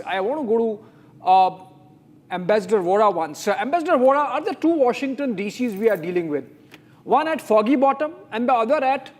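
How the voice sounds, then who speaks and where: A man anchoring a live TV news debate, asking long, winding questions full of fillers. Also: high voice.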